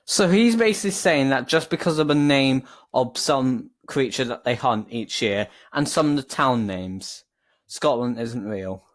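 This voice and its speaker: A man's voice: mid-range voice, animated, unhurried. A man hosting a reaction video, answering clips with exasperated, incredulous rebuttals. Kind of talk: reaction commentary.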